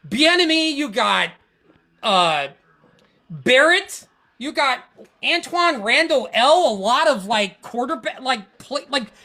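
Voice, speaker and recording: A woman's voice: fairly high pitch, bright, forceful tone. A woman hosting a podcast, ranting in a casual, frustrated way about her football team, rambling and stammering through restarts. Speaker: podcast host. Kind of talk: casual sports rant.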